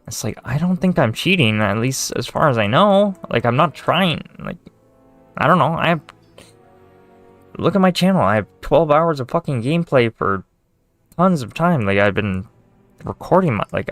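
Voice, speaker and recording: A man's voice: mid-range voice, a bit bright, no echo. A man, a gaming video creator, ranting casually with lots of swearing, sarcasm and exasperation. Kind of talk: casual rant to camera.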